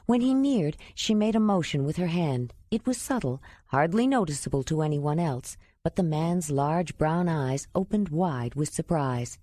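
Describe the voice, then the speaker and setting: Low-voiced woman narrating an audiobook. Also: animated, moderate pace, hardly any pauses, warm tone, dry recording.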